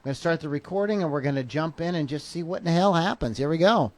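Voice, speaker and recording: A man's voice: on the high side, animated, fast, darkish tone, dry recording. Joking, rambling male podcast host. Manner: joking, rambling, self-correcting. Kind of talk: casual livestream chat. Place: home studio with a fan running.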